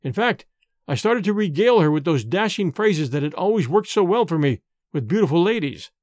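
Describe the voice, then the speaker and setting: A man narrating a first-person story in a dramatic, expressive way. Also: fairly high pitch, brisk, dry recording. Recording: dry close recording with faint music.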